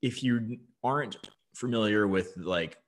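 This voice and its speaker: A man's voice: on the low side, unhurried. Laid-back man hosting a podcast. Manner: relaxed, hesitant with names, uses "like" often. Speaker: podcast host. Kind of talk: casual podcast chat.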